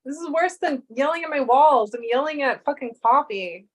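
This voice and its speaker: A young woman with a high-sitting, animated voice talks at a moderate pace to her livestream audience. She chats casually, drifts onto tangents and breaks into exasperated rants laced with swearing.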